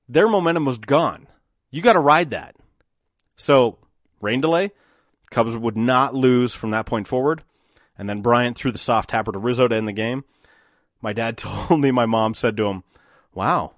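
Excited man on a solo podcast. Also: mid-range voice, no echo, clean studio sound. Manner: excited, animated storytelling with emphatic outbursts. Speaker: podcast host.

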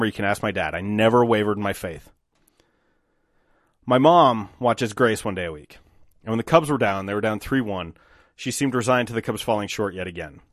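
A man hosting a solo podcast, telling stories with animated, emphatic bursts of excitement. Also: fairly low pitch, dry recording, studio quality. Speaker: podcast host.

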